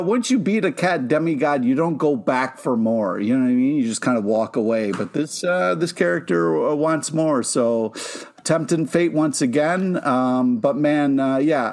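A man's voice: fairly high pitch, normal speed. A man co-hosting a comic book podcast, rambling in casual chat with lots of fillers. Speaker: podcast co-host.

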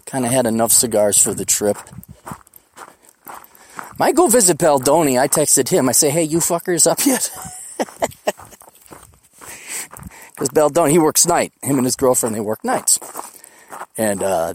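A rowdy podcast host rambles outdoors on a hiking trail, swearing freely and cracking jokes as he goes. His voice sits at an ordinary middle pitch for a man, loose and unscripted. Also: a little mellow, slight background noise. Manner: profane, boisterous, jokey. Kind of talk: casual rambling monologue.

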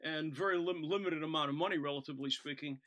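A male podcast host asking quick prompting questions in a casual interview. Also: a little high, a bit bright.

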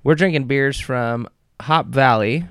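A man's voice: medium pitch, unhurried, fairly bright tone, clean tone, no echo, studio quality. A man co-hosting a podcast in casual, jokey, rambling chat. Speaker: podcast co-host.

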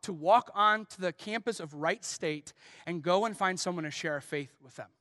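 A man's voice: high voice, pushed and bright, studio quality. A male pastor preaching a sermon, telling a personal story and building to impassioned urging. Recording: long hall reverb.

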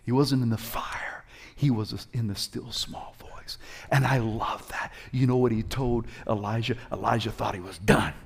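A male preacher giving a passionate sermon, calling out to his congregation and swinging between loud exhortation and quiet, hushed moments. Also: mid-range voice, steady tone, normal speed, creaky, slightly rough. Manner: passionate, call-and-response, swings from shouts to hushed.

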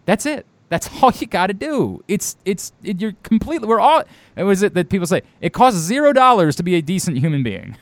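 A man's voice: high voice, very animated, a little fast, no room sound. A man in his thirties from Baltimore, co-hosting a casual podcast chat, talking bluntly and emphatically with some swearing.

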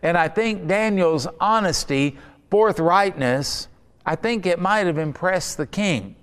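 A man delivering a sermon in a slightly higher, smooth and resonant voice. He teaches conversationally and drifts into personal anecdotes. The sound carries a long hall reverb. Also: expressive, unhurried, fairly bright tone.

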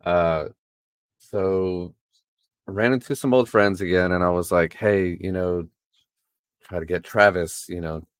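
Guest musician with a very low voice, laid back, swears a lot, dry sound. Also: male voice, fairly even intonation, unhurried, long pauses, smooth, no room sound. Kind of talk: casual chat.

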